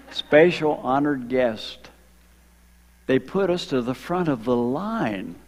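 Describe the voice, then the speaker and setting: An older man from Ohio, a retired missionary, telling his story to a church congregation, slowing down for emphasis and drawing in the children. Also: medium pitch. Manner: storytelling, slows for emphasis, engages kids. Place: church sanctuary. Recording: long hall reverb.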